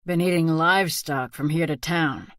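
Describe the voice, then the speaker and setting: A woman voicing a blunt, wary rural male hunter in a whispered role-play storybook reading, quiet and firm. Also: low voice, moderate pace, no room sound, clean studio sound.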